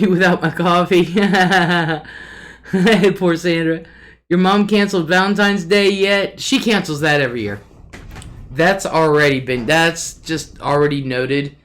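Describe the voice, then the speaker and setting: A woman talks slowly and easily on her live stream, taking her time between thoughts. She greets viewers by name, reads their comments aloud and swears freely. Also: sits low. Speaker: livestream host. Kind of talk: casual live chat, reading viewer comments. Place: at home at her desk.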